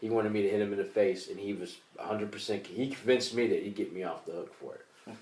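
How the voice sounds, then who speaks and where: A man co-hosting a comedy podcast, telling a story in a casual, animated way with plenty of swearing. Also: lowish voice, fast. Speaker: podcast co-host. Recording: echoey room, distant mic, faint hiss.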